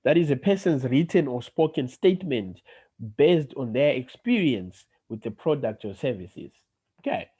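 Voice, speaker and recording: A man's voice: medium pitch, warm tone, breathy edge. A male teacher running a class discussion, explaining terms and asking questions with frequent okays.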